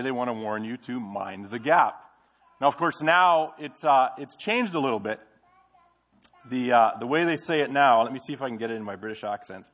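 A man's voice: medium pitch, a bit bright. Middle-aged man preaching a sermon. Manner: conversational preaching, asks the congregation questions. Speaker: pastor. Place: church sanctuary.

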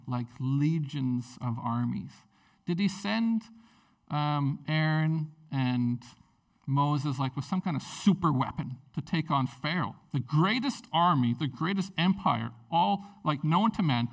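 Gravelly-voiced male pastor, preaching casually. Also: a little high, distant mic. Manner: conversational, animated, frequent "you know" and restarts. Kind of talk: sermon.

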